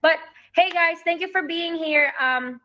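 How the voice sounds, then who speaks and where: A woman's voice: extremely high pitch, unhurried, lo-fi sound. A woman with a Filipino accent hosting a casual livestream, talking emotionally to her viewers and mixing English with Tagalog. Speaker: livestream host.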